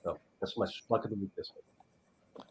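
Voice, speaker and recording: A man with a husky, breathy voice gives a dry, sardonic verdict in a casual panel chat. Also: on the low side, unhurried, poor audio.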